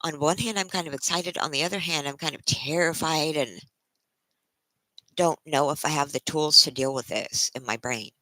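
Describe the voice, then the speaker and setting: Weary, halting woman near tears. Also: deep voice, bright, forceful tone, dry recording, low-quality recording. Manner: halting, emotional, restarting sentences. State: close to tears; tired from a sleepless night. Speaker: livestreamer greeting viewers. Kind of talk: casual live-stream chat.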